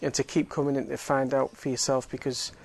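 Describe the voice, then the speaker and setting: A man's voice: medium pitch, flat delivery, a little fast, creaky. A man giving an evangelistic talk in a chatty style, full of fillers and joking asides. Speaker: Alpha course speaker.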